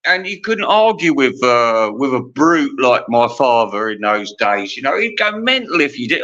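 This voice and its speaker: A man's voice: mid-range voice, big pitch swings, moderate pace, few pauses, sharp tone. A man in his fifties giving a rambling, profane monologue, laughing at his own jokes. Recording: dull lo-fi recording.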